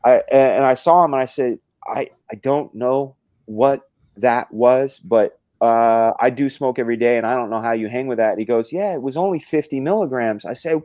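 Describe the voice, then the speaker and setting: A man's voice: mid-range voice, moderate pace, a little mellow, no echo. A man hosting a casual live stream, telling a rambling story with lots of swearing and restarts. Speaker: stream host.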